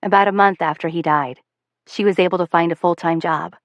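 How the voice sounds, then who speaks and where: A woman's voice: on the low side, steady tone, brisk, no room sound, dull audio. Woman narrating a novel, wry and dry. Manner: wry, self-aware, conversational. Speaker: audiobook narrator. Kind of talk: first-person novel narration.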